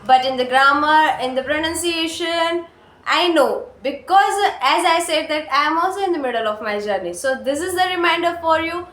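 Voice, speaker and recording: A woman with an Indian accent talking earnestly to her camera, encouraging learners and pausing often on "uh" fillers. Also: high-pitched, a bit bright. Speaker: English-learning vlogger. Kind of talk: casual talk to camera. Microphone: phone or camera mic. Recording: echoey room.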